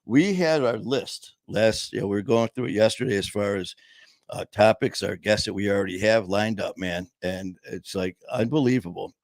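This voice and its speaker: A man's voice: lowish voice, normal speed, gravelly, no room sound. A man co-hosting a casual livestream chat from a studio, folksy and jokey, his voice starting to go. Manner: jokey, folksy, telling dad jokes. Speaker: co-host.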